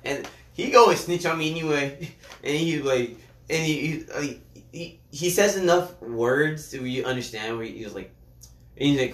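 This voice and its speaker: A young man chats casually with friends, and his stories ramble along with little acted-out quotes. He has a middle-pitched voice. The room is echoey. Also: brisk, recorded from a distance. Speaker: friend in group chat. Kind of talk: casual chat, storytelling.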